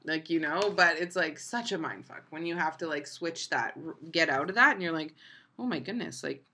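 A woman's voice: low-pitched, pushed and bright. A young woman hosting a podcast, ranting bluntly and casually with plenty of swearing. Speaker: podcast host. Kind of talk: casual monologue.

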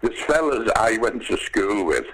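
A man with a Liverpool accent, an actor chatting and telling lively stories, acting out other voices and calling people "lad". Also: fairly low pitch, measured pace, husky, low-quality recording. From England. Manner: animated storyteller, acts out voices, says "lad". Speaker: actor and guest. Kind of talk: casual chat, storytelling.

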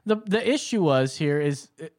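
A man with a somewhat high voice hosts a call-in show. He rambles in loose, profane chat, laughing now and then and circling back over his points. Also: animated, moderate pace, darkish tone.

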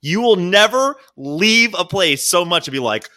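A man with a bright, forward tone chats on a casual podcast, his voice swinging high and low as he tells stories and ribs his co-host. He sits slightly above the usual pitch for a man and keeps the banter animated and emphatic. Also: a little slow. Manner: lively storyteller, teasing and emphatic.

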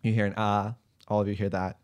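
A man's voice: fairly low pitch, level tone, fairly quick, a little mellow. A man running a tabletop game as game master, narrating scenes casually with frequent fillers and restarts.

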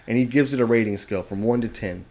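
A man's voice: mid-range voice, fast, darkish tone. A man hosts a casual podcast chat with a mid-range voice. He rambles through his stories, full of ums and restarts, drifting from point to point. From Texas. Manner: rambling, filler-heavy storytelling. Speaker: podcast host.

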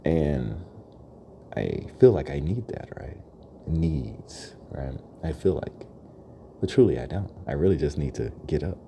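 A man's voice: extremely low pitch, animated, measured pace, creaky, dark tone, slight background noise. A young man hosting a podcast, freestyling a reflective, rambling monologue, laughing often and checking in with "right?". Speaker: podcast host.

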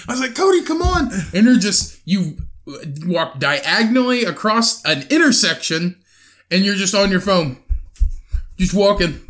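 A young man co-hosting a podcast, telling a profane, animated story in casual chat and acting out the quotes. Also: sits high. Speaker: podcast co-host.

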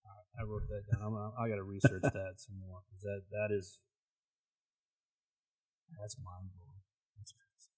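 A man hosting a podcast interview, asking halting questions and reacting with surprise. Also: on the low side, little pitch movement, a little mellow, breathy edge, rough recording. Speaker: podcast host. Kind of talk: casual interview chat.

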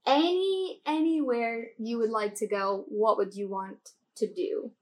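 A woman's voice: on the high side, unhurried. A young woman hosting a casual podcast chat, asking questions and encouraging her younger siblings. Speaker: podcast host.

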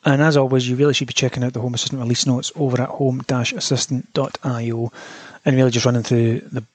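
A man runs through the week's smart-home news on his own, chatty and informal, with the odd swear word. His voice sits at an ordinary middle pitch. The recording is dry and close, with no room sound. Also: flat delivery, fast, no echo. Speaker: podcast host. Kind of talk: casual solo news roundup.

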